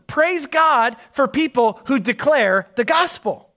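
A male pastor in his forties preaching a sermon, swinging from loud emphasis to hushed near-whispers and stretching key words slowly. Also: very high voice, lively intonation.

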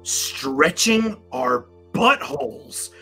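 A man reading a crude listener comment aloud in a slow, put-on seductive voice. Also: high voice, very animated, over music, pitched above the performer's own voice, heavily acted. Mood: mock-seductive.

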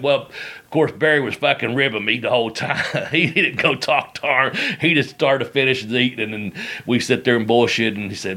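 A man's voice: mid-range voice, brisk, pushed and bright. A middle-aged man hosting a podcast, telling rambling stories in casual chat and laughing as he goes. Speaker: podcast host. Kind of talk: casual storytelling.

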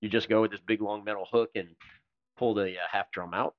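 Lower-voiced guy chatting on a podcast, army vet, lots of "uh", dry lo-fi sound. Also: dry recording. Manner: relaxed, halting with frequent "uh". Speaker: podcast guest and Army veteran. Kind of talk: casual chat. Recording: dry, dull lo-fi recording.

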